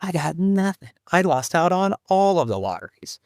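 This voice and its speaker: A man's voice: high voice, very animated, darkish tone, no echo. Sad guy rambling through a podcast update, stops and starts a lot, dry close sound. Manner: halting, rambling, grieving. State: grieving. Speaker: podcast host.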